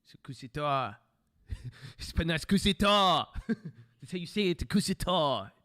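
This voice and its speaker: A man's voice: medium pitch, quick pace, natural voice. A man putting on a sneering snobbish Frenchman. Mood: mocking. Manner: sneering, put-on French accent. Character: haughty mock Frenchman scolding Americans.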